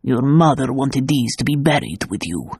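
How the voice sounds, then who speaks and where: A woman voicing a gruff, protective middle-aged uncle in an audiobook, speaking gravely and bluntly. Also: big pitch swings, normal speed, darkish tone, no room sound, exaggerated voice. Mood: tender. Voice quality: low, gravelly and husky. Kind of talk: audiobook character voice.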